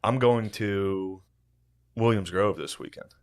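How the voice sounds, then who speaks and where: A man co-hosting a podcast, with a low voice and an unhurried drawl. He chats casually and swears freely. He tells his anecdotes like someone easily amused. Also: clear, resonant tone. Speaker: podcast co-host. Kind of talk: casual profane chat.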